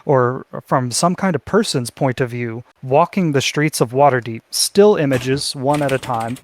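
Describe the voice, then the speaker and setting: A man's voice: mid-range voice, dry recording. A man narrating a tabletop game as game master in a loose, descriptive way.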